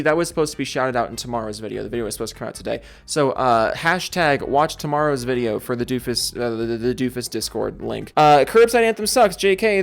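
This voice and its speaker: A young man hosting a casual solo gaming vlog, ranting with heat, swearing freely, then reading out member shoutouts. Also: a little high. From Seattle area, USA. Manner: animated, swinging between heated yelling and tired mumbling. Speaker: gaming commentary host.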